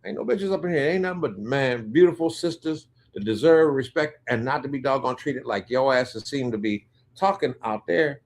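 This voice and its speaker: A man's voice: expressive, normal speed. A man putting on the voice of an indignant, boastful male celebrity singer, defiant and profane. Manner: defiant, profane, high-pitched outrage.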